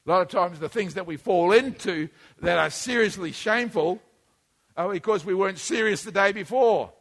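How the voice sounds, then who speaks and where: High-voiced male preacher in a reverberant hall. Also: moderate pace. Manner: conversational, swings between quiet and emphatic. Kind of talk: sermon. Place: church hall.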